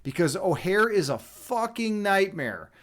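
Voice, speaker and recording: Man, live-stream host, casual chat, rambling and jokey, slightly high voice, home desk mic. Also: very animated, measured pace, a bit bright. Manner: rambling and jokey, with frequent restarts. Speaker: livestream host, chess instructor and meditation guide.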